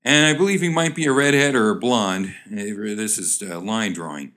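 A man casually reading old jokes aloud and describing cartoons, wry and halting with many restarts. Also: lowish voice, fairly bright tone.

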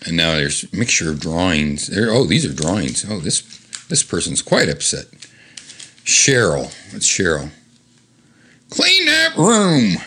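A man's voice: lively intonation, normal speed, sharp tone, husky. A man reading an old teen magazine aloud, stuffy from sinus trouble, rambling and joking between the quoted bits. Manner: rambling, self-mocking, breaks into high mock voices when quoting. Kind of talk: casual read-aloud with commentary.

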